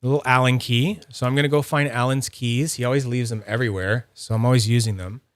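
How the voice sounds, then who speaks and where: A man's voice: medium pitch, fairly even intonation, fast, no echo. A Canadian man chatting on a live stream in an easy, playful way, joking and laughing as he works. His voice sits mid-range and sounds dry and close, with little room around it. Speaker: stream host. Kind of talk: casual live-stream chat.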